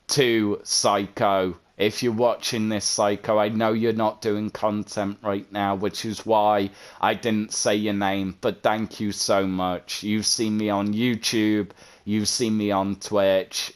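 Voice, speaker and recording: A man's voice: fairly low pitch, smooth. A man, a content creator, talking earnestly and at length in a vlog, often repeating himself. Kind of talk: heartfelt vlog monologue.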